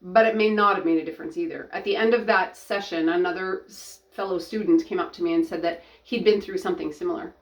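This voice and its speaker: A middle-aged woman giving a personal testimony, talking earnestly and haltingly, often restarting her sentences. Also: on the low side. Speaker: ministry founder and coach.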